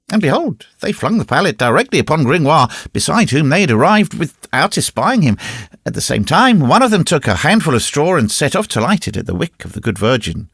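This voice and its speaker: Husky guy narrating an old novel audiobook, really lively up and down reading, dry close mic. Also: fairly high pitch, a little fast, no room sound. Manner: expressive, varied reading. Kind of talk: scripted narration.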